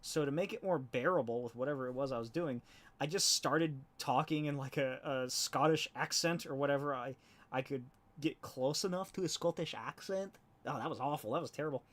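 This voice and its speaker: A man's voice: mid-range voice, fairly quick, a bit bright. A comic artist rambling casually on a live stream while he inks, laughing often and swearing offhandedly.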